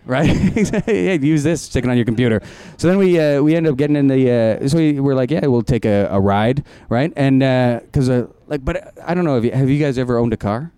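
A man's voice: mid-range voice, fairly quick, few pauses, dark tone, clear, resonant tone, no echo. A young man, a comedian, telling a rambling story in casual group chat, laughing often and acting out quotes.

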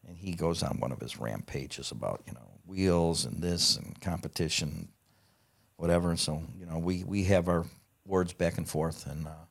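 A middle-aged man telling a profane, lively anecdote in casual conversation. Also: low voice, normal speed, vocal fry, husky. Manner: profane, animated anecdote teller. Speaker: guest. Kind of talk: casual storytelling.

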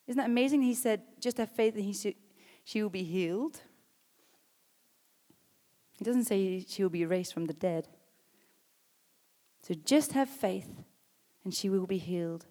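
A woman preaching a sermon, reading scripture and rising to loud, emphatic exhortations. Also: mid-range voice, lively intonation, normal speed. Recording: long hall reverb.

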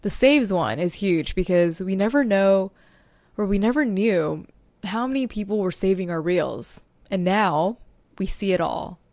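A woman's voice: mid-range voice, expressive, a little slow, darkish tone, no echo. Upbeat woman hosting a solo podcast. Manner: upbeat and informative, sometimes stumbling over words. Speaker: podcast host and social media strategist.

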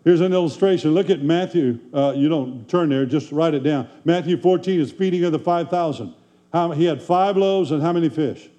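A man's voice: a little high, moderate pace, dark tone. A man preaching a sermon in a folksy, conversational way, full of rhetorical questions to the congregation. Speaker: pastor.

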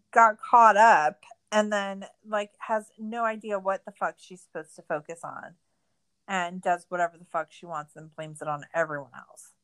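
Bright-voiced woman ranting sarcastically. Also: mid-range voice, clear, resonant tone. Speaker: podcast co-host. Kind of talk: casual recap chat.

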